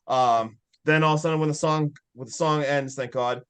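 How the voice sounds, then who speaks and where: A man's voice: a little high, steady tone, brisk, fairly bright tone, smooth. A man casually recapping a film as a podcast co-host, rambling with fillers and frequent laughs.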